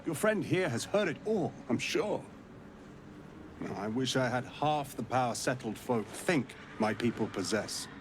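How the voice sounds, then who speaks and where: A man's voice: mid-range voice, expressive, unhurried, noisy background, lightly acted. A man voicing a proud, wandering male monster hunter in a video game, speaking in a formal, wry way. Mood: mocking.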